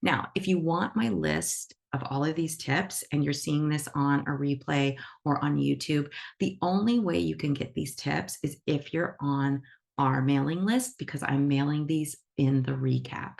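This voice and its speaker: A woman with a low, gravelly, darkish voice speaks at a measured pace while teaching animal reiki to an online class over a video call. Her instructional talk is enthusiastic, emphatic, and upbeat.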